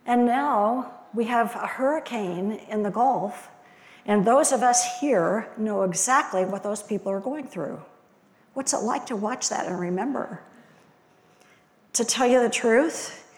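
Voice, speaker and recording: A woman's voice: medium pitch, a little mellow. A woman giving a reflective sermon, asking one rhetorical question after another. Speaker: lay preacher. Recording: long hall reverb.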